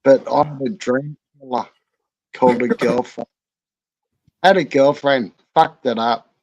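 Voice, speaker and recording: A man's voice: medium pitch, normal speed, darkish tone, slight background noise. A man, an army veteran guest in a casual chat, joking crudely. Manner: jokey, crude humour. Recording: dull lo-fi sound.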